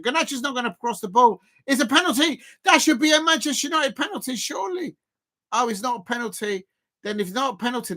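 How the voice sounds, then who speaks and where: A man doing live football reaction commentary as a streamer, chatty and quick to exclaim. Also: very high voice, sharp tone. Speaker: live watch-along streamer.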